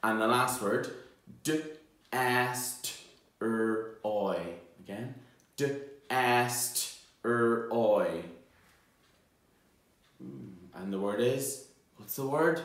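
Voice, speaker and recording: A male teacher leads a children's phonics lesson at a slow, deliberate pace. He sounds out each word piece by piece and then bursts out loudly on the finished word. His voice sits at an ordinary middle pitch. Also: reverberant.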